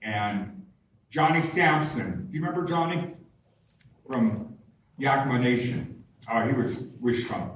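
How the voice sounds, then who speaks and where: An older man tells stories to an audience, unhurried and humorous. His voice comes from well off the mic and rings around a very echoey barn hall. A faint noise runs underneath. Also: mid-range voice, animated, fairly bright tone, distant mic. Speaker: guest speaker at a public talk. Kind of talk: storytelling talk.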